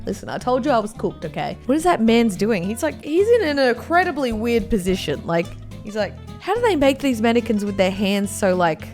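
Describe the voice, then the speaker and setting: An Australian woman hosting a reaction video, talking in a casual, animated way with loud exclamations and jokes at her own expense. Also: on the high side, a little fast, hardly any pauses, soft background music. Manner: animated, exclaiming, self-mocking.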